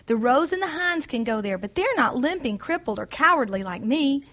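A woman voicing a timid, fearful young woman pilgrim, her pitch lifted and her delivery faltering and pleading while she reads from a book aloud. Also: expressive, normal speed, fairly bright tone.

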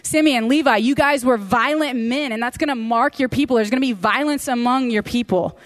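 Woman preaching, fairly high voice, casual sermon, emphatic repetition, chatty asides. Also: a little fast. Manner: emphatic, repeats key phrases. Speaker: Bible teacher. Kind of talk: conversational sermon.

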